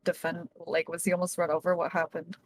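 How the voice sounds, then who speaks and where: A woman playing in a tabletop role-playing game, chatting casually and quick to apologize. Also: fairly low pitch, flat delivery, dry recording. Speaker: player.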